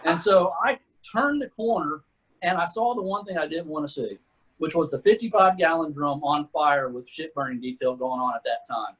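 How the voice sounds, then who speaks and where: This guest is a middle-aged retired Army sergeant first class from Texas who tells war stories easygoingly, calling folks "man" and "dude." He speaks at a normal pace with a fairly high, fairly bright, slightly rough voice, captured on a rough recording.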